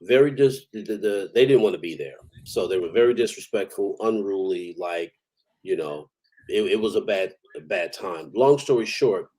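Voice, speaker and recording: In a rough recording, a veteran of the army spins casual, rambling stories full of profanity, chuckling occasionally. His voice sits low and is expressive, a little mellow and breathy at the edges, at a normal speed.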